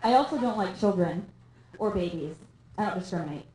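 A young woman from Canada performing a stand-up comedy set on a theatre stage, deadpan and self-mocking with quick asides. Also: fairly low pitch, slight background noise. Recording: echoey room, live audience.

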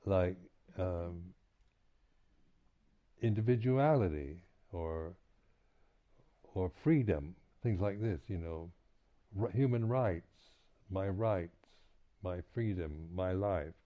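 Heard through a tinny, lo-fi, phone-like recording, a man with a low voice gives a reflective dharma talk as a retreat's meditation teacher. He falters often, restarting and repeating words, and chuckles softly between his points.

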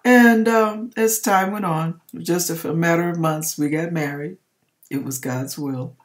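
A woman giving a personal faith testimony, telling her story in an emphatic, expressive way with churchy exclamations. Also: on the low side, unhurried. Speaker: hairdresser sharing a personal testimony.

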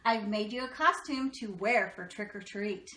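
A woman's voice: mid-range voice, normal speed, bright, forceful tone, close to an everyday voice. A woman voicing a doting mother dog who coos sweetly over her little son. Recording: echoey room.

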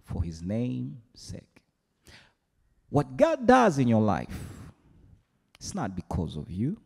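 A man preaching a sermon as pastor, animated and playful, often mimicking his congregation. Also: medium pitch, husky. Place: large church hall. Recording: long hall reverb.

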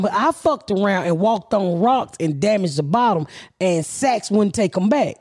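A woman in her forties, a comedian hosting a podcast, telling stories in a brash, profane, animated way. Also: medium pitch, normal speed, husky. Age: 40s. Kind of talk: casual storytelling chat.

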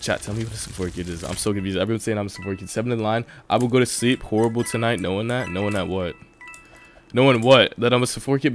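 A young man live-streaming a video game, reading his chat aloud and reacting with loud outbursts and quiet mumbling. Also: lowish voice, rapid-fire, faint music behind. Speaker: livestreamer. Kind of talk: casual live-stream chatter while gaming.

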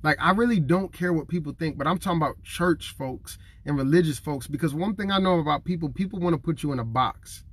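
A man's voice: fairly high pitch, fairly quick, few pauses, a bit bright, breathy edge. A man in his thirties preaching to camera in an earnest, conversational way, emotional and near tears. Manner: earnest and conversational, acting out what others say; emotional, fighting back tears.

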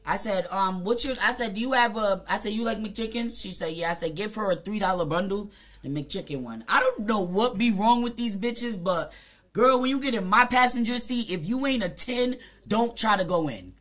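Jamaican streamer, mid-pitched, blunt and profane storytime rant, rambling with fillers. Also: moderate pace, fairly bright tone. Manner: mimics other people in short quoted asides.

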